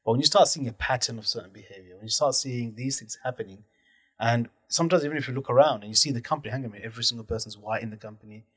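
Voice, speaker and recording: A man's voice: mid-range voice, rapid-fire, a bit bright, slightly rough, no echo, clean studio sound. A man hosting a casual podcast chat, explaining his views thoughtfully and at length.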